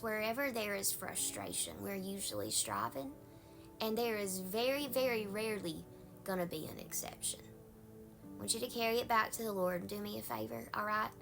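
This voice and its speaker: Gravelly-voiced Southern woman pastor. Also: mid-range voice. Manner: folksy, conversational, with Southern sayings. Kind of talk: encouraging devotional talk.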